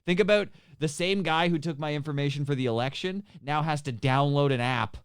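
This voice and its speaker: A man's voice: fairly high pitch, a little fast, clean tone, no room sound, clean studio sound. A young man, telling a rambling, profane story on a podcast and laughing often. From Canada. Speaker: podcast co-host. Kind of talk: casual chat.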